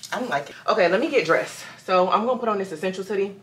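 A woman's voice: mid-range voice, lively intonation, very fast. A young woman vlogging at home, talking candidly in a rambling, casual way. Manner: rambling, candid, lots of "y'all" and "like". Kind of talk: casual vlog talk. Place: home, indoors. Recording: echoey room.

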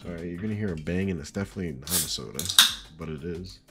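A man's voice: sits low, quick pace. A young man giving casual let's-play commentary, talking to himself and swearing now and then. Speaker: gaming streamer. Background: faint game music.

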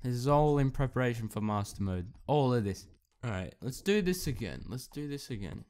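A young man giving excitable gameplay commentary, reacting with frequent exclamations and mild cursing as a gaming YouTuber. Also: medium pitch, a little fast, clean tone.

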